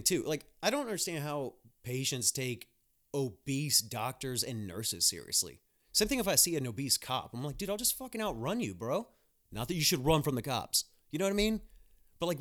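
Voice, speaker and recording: A man's voice: a little high, fairly bright tone. A young man, a nurse hosting a podcast, talking in a blunt, profane, ranting monologue with mocking asides. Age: young adult.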